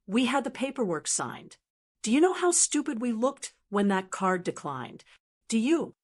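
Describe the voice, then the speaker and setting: A woman voicing a furious grown son who shouts and blusters in a storybook reading. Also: on the high side, sing-song, a little slow.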